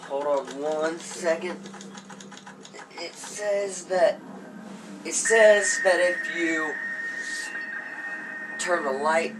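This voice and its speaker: A man's voice: a little high, extremely slow, long pauses. A man commentating a horror game as he plays, jittery and panicky and talking to himself. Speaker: gamer. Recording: hum of background noise.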